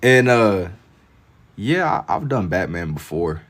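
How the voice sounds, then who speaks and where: A man's voice: low voice, very animated, takes it slowly. A man chatting casually on a livestream while he draws, reading out viewer comments in a laid-back, slangy way and laughing easily. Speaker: livestreamer drawing on stream.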